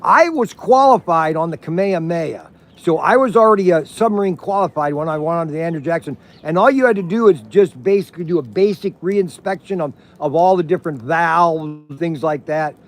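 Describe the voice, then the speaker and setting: Around an outdoor campfire, a man in his sixties tells rambling stories casually, acting out the voices of others. His voice is fairly high and a little fast, with hardly any pauses.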